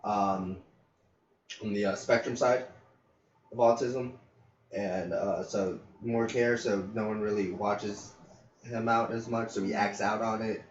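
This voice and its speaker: A man's voice: lowish voice, steady tone, slow pace, pauses often. A man co-hosting a podcast, telling a long work story in a rambling casual way, with many fillers and some swearing. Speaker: podcast co-host. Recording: roomy, distant, dull lo-fi mic.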